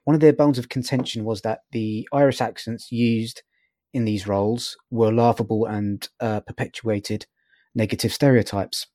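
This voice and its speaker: A man's voice: lowish voice, fairly even intonation, normal speed, warm tone, no room sound, clean studio sound. A man interviewing a guest in a casual way, hesitant and full of fillers.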